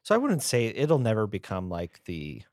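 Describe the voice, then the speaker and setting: A man's voice: fairly low pitch, huge pitch swings, normal speed, a little mellow, no echo, studio quality. A man co-hosting a casual podcast chat, telling stories with eager energy. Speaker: podcast co-host.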